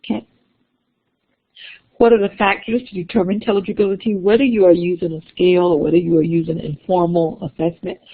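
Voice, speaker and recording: A woman instructor talks through a classroom lecture, her voice gravelly and husky. She explains step by step and often restarts her sentences. The recording sounds thin and phone-like. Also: medium pitch. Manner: explanatory, with frequent restarts and fillers.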